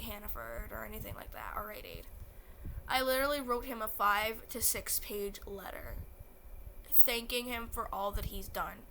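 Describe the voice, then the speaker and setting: A young woman tells her fan story in a high, bright voice, tearful and gushing as she acts out what everyone said. A faint noise sits under the recording. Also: gravelly. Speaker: vlogger. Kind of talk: emotional fan vlog storytelling.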